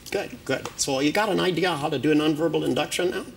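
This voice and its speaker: An older man, a hypnotist, running a live hypnosis demonstration at a seminar, joking and teasing between slow, soft trance suggestions. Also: a little high, vocal fry, noisy background. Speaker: hypnotist leading a training seminar. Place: seminar room with participants.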